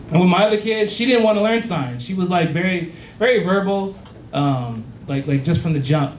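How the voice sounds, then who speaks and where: A man in his thirties rambles through a crude, chatty stand-up set in a slightly high voice. He sounds distant in an echoey club, and loud audience laughter and noise fill the background. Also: animated, moderate pace. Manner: rambling, crude, conversational delivery. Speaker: stand-up comedian. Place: comedy club stage. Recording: echoey club, heard from afar, loud crowd.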